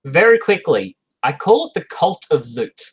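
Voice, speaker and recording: A man's voice: on the high side, moderate pace, slightly rough, lo-fi sound. A man co-hosting a live podcast chat, talking casually and animatedly. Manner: animated, slips into silly character voices. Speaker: podcast co-host.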